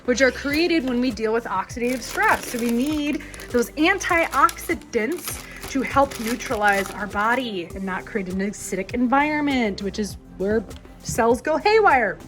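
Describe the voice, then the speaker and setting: A woman's voice: a little high, animated, fairly bright tone, soft background music. A young woman chiropractor from Minnesota, chatting enthusiastically in her kitchen as she unpacks her groceries. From Minnesota, USA. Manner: chatty and enthusiastic, drawn-out words. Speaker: chiropractor vlogger. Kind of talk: casual kitchen vlog. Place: home kitchen.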